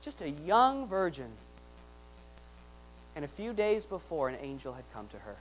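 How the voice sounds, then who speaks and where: High-voiced preacher with rising, emphatic delivery. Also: male voice, very animated, moderate pace, long pauses, soft background music, poor audio. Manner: builds repeated lines into loud emphatic peaks; drops to soft, quiet asides between peaks. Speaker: pastor. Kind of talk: sermon. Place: church service before a congregation.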